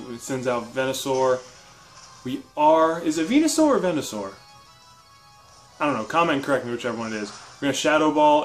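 A young man giving casual, chatty commentary over his own video game battle, correcting himself and breaking into excited bursts. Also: medium pitch. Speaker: gaming commentator.

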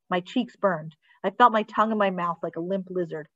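A woman reading a children's chapter book aloud in a calm, steady storytelling voice, on a dry, dull recording. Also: lowish voice, a little fast, no room sound. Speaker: library read-aloud reader.

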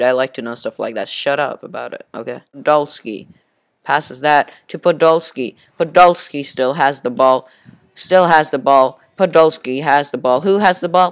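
A young man commentating his own football video game match, excitable and self-deprecating, rambling to his subscribers. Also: a little high, smooth, no echo, studio quality. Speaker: gaming video creator.

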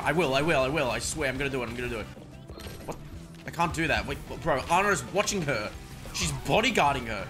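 A young man streaming a video game, talking to himself with excitable commentary and sudden yelps. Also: medium pitch, quick pace. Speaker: gaming streamer. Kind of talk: live gameplay commentary. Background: background music.

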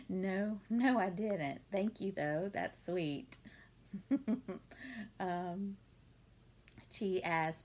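Woman, 30s, chatty and gravelly, rambling q&a at home. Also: medium pitch. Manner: chatty, warm-hearted, many ums and laughs. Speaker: beauty vlogger answering viewer questions. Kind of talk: casual Q&A chat.

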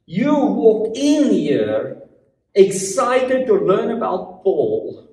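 A man from Africa with an African accent, teaching a church Bible study in a lively, joking way full of rhetorical questions. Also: high-pitched, drawn-out words. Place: church meeting room. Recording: echoey room, voice from far off.

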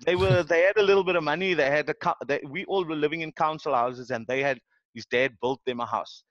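With a fairly high voice and a quick pace, a man from Cape Town tells a casual story on a podcast, animatedly acting out what people said in his South African accent. There is no echo, and the high frequencies are cut off.

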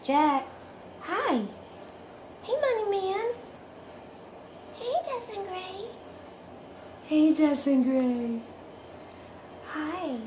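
A woman's voice: very high-pitched, lively intonation, very slow, pauses often, noisy background. A woman cooing doting baby talk with kissing sounds at home, filmed on a home video camera. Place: home, indoors.

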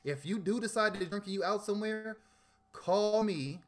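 A man's voice: high-pitched, normal speed. A man in a casual chat, earnestly sharing parenting advice. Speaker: parent in discussion.

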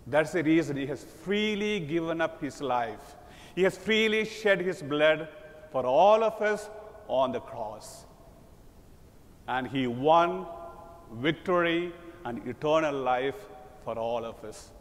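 A man preaching a sermon as a priest, slow and emphatic, voicing quoted lines with dramatic lift. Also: a little high, expressive. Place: large church. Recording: long church reverb.

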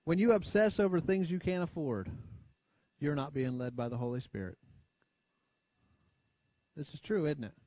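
Preaching at a normal pace with frequent pauses, this American pastor has a slightly high voice captured in a dull, lo-fi, muffled church recording, close and dry with no echo in the sanctuary. His sermon is conversational, full of requests for amens, and he sinks to a hushed low tone for key points.

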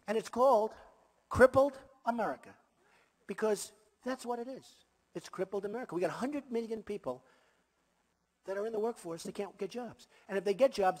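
A man giving an emphatic campaign rally speech as a political candidate, repeating his points and adding boastful asides. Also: high voice. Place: large rally venue before a crowd. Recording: long reverb of a big hall.

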